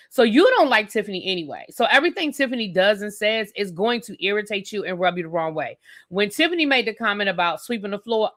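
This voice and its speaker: A woman's voice: medium pitch, fairly bright tone. A woman hosting a live stream who reviews a TV episode in an opinionated, sassy rant and talks straight to her viewers.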